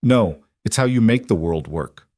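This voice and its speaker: A man's voice: fairly low pitch, lively intonation, unhurried, mellow, no room sound. A man voicing a fierce, defiant young woman fighter who speaks in cutting, blunt lines. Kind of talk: scripted storybook voice.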